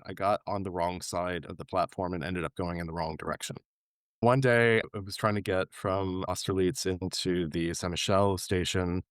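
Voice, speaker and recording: A man's voice: smooth, no room sound. A man from New York, a podcast guest, telling a travel story with energy and acting out the people he quotes. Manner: animated anecdote-telling, acting out quoted voices with big pitch jumps. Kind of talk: casual storytelling interview.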